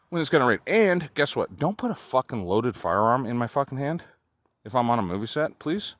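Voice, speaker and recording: A man's voice: medium pitch, sing-song, brisk, a bit bright, dry recording. A man vlogging on a walk outdoors, rambling and then ranting angrily with a lot of swearing. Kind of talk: rambling walking vlog monologue. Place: outdoors on city streets. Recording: faint street noise behind.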